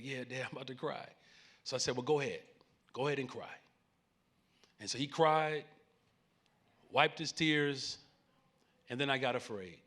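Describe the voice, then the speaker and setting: A man's voice: mid-range voice, fairly bright tone. Earnest Chicago man on a stage. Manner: earnest, preacherly, joking with the audience. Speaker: mayor speaking on a panel. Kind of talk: conference stage conversation. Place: conference main stage before a live audience.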